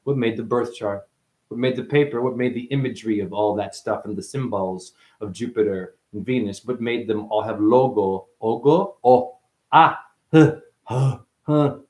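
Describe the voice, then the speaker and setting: A man's voice: fairly low pitch, normal speed. Rambling man in a roomy echo. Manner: stream-of-consciousness wordplay, profane, calls listener honey; jumps from mutters to excited loud outbursts. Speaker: spiritual speaker. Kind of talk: rambling monologue.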